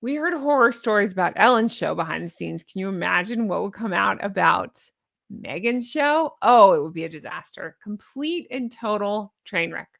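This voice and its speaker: A woman's voice: mid-range voice, expressive, normal speed, gravelly, fairly bright tone, dry recording, clean studio sound. A woman hosting a casual reaction commentary, chatty and sarcastic, laughing at her own jokes. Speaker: YouTube commentary host.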